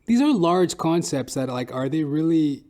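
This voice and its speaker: In a sing-song, slightly mellow voice at a moderate pace, a podcast host delivers a solo comedy monologue, profane and rambling, breaking into high silly voices now and then.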